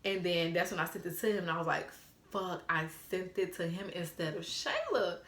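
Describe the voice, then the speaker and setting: A woman in her twenties telling a story to camera, animated and profane, laughing as she acts out old text messages. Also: lowish voice, moderate pace, roomy sound. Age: 20s. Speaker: storytime vlogger.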